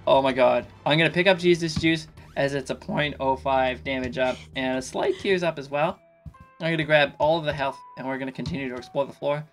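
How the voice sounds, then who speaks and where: A slightly drunk man giving casual let's play commentary, excitable and swearing in sudden panicky outbursts. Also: mid-range voice, a little fast, faint music behind. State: tipsy. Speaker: gaming YouTuber.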